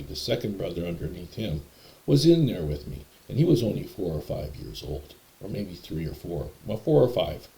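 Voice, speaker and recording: A man's voice: low voice, vocal fry, warm tone. A man telling personal stories in a rambling, hesitant, conversational way. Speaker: storyteller. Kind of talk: personal storytelling.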